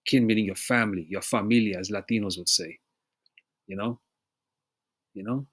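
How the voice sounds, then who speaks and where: A man with a somewhat low voice delivers a loose, conversational sermon. He stresses his points emphatically and keeps checking in with "okay?" He reads scripture slowly and clears his throat between passages. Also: a bit bright. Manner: emphatic, repeats "you know?" and "okay?" often. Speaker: preacher. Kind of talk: informal sermon with scripture reading.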